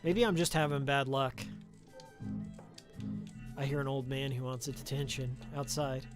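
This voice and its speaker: Speaking unhurriedly in a mid-range voice with fairly even intonation, this man streams a game and rambles casually about old titles. Music runs in the background, and he uses a studio mic fitted with a pop filter.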